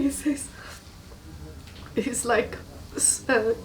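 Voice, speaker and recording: A woman from Tunisia, giving a personal testimony in an earnest, halting way and repeating words for emphasis. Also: high voice, distant mic, poor audio. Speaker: guest giving a faith testimony.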